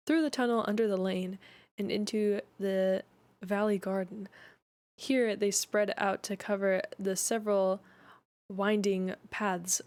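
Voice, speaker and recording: A woman streamer reading a mystery novel aloud, slowly and with frequent slips and restarts. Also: medium pitch, darkish tone.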